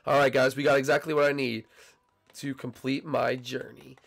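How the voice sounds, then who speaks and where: A young man casually commenting on his gameplay, bantering and teasing his teammates, his voice still a little hoarse as it recovers. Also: medium pitch, flat delivery, moderate pace, fairly bright tone. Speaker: gaming channel host.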